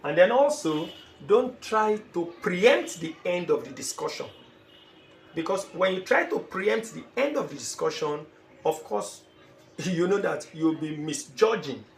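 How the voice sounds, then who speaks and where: An IELTS teacher with a high voice and vocal fry gives a classroom-style lecture for exam preparation. He's emphatic, repeats phrases, and now and then acts out short dialogues. The room echoes, with faint ambient noise.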